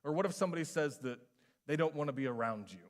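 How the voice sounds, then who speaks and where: High-voiced man preaching conversationally. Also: quick pace. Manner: conversational, animated, casual filler words. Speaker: pastor. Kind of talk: sermon.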